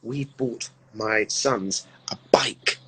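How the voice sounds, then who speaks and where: A man's voice: on the low side, extremely slow, heavy background noise. A British man in his thirties chatting casually and jokily as co-host of a live stream, rambling from one joke to the next. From Great Britain. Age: 30s. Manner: playful, jokey, rambling. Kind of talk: casual chat.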